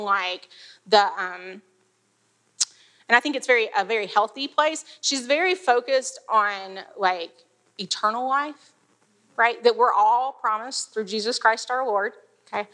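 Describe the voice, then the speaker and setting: Bright-voiced chatty woman teaching Bible. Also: a little high. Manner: chatty, laughs, frequent fillers.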